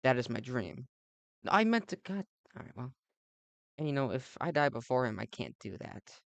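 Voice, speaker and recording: Gravelly young man rambling over gameplay. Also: medium pitch, sing-song, moderate pace, no echo. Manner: meandering, ironic, sweary, lots of fillers. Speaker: let's play host.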